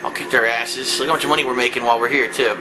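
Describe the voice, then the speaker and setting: A man giving loud, excitable and crude commentary while playing video games. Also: mid-range voice, fast talker, music in the background. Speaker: gameplay commentator. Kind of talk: crude live gameplay commentary.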